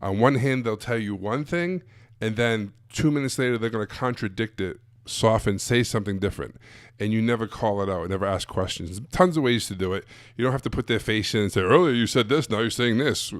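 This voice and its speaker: Brisk and low-voiced, a man live-streams a lesson for coaches on handling sales calls. He's blunt, direct and full of rhetorical questions, with dry, close audio and no room sound.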